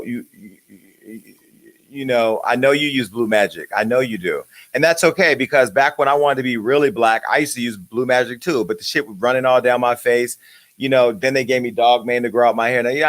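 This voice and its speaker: A man hosting a celebrity gossip show, ranting crudely and brashly with a stream of insults. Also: mid-range voice. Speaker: host. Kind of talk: profane comedic celebrity gossip.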